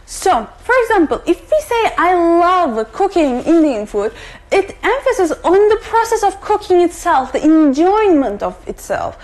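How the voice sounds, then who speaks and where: A woman's voice: very high voice, very animated, unhurried, darkish tone. A woman teaching an English grammar lesson for distance learning, explaining patiently and repeating each example, with "okay?" check-ins.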